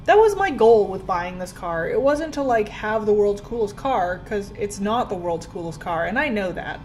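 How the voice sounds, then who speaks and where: A young woman from Canada talks through her makeup routine in a relaxed, self-deprecating way, her voice at an ordinary middle pitch. She fills her sentences with "like" and chats to the camera from home. Soft music plays faintly behind her. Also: rough recording. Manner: chatty, self-deprecating, full of "like". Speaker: beauty vlogger. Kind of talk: casual get-ready-with-me chat. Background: soft background music.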